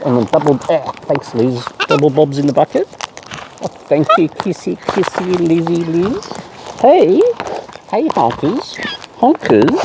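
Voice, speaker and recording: A man's voice: on the high side, expressive, normal speed, vocal fry. A man chatting to wild birds outdoors in playful baby talk, full of coos and silly nicknames. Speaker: bird-feeding vlogger. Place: outdoors among wild cockatoos. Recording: noisy outdoor recording.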